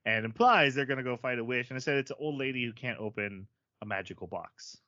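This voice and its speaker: Bright-voiced man chatting about anime. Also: mid-range voice, a little fast, no echo, lo-fi sound. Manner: animated, self-deprecating, laughs often. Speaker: podcast co-host. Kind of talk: casual chat.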